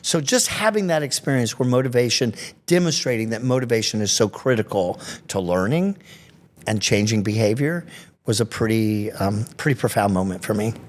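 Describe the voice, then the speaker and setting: A man's voice: on the low side, moderate pace. A magician and special education researcher telling stories in an interview, acting out voices as he goes. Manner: animated storyteller, acts out children's voices. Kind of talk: storytelling interview.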